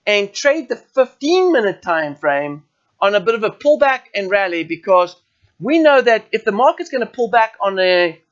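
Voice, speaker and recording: Leading a live trading webinar walkthrough, a South African man who teaches forex talks viewers through the charts informally, checking in with them often. He has a high, very animated voice at a moderate pace, recorded with lo-fi sound.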